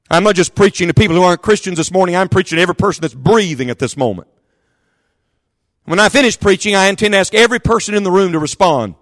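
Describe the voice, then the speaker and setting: A man preaching a sermon in church, impassioned, swinging from quick asides to loud, drawn-out calls. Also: sits high, dry recording, clean studio sound. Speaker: pastor. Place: church service.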